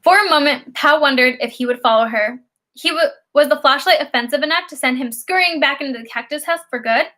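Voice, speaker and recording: A woman reading a children's novel aloud as an audiobook narrator, in expressive, lively storytelling. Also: high-pitched.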